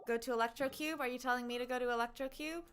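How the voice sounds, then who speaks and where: A woman's voice: a little high, steady tone, racing, clean tone, faint music behind. A woman streaming a game, chatting casually with her viewers and talking to herself as she plays. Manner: hums tunes and quotes game lines. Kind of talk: casual gameplay chat.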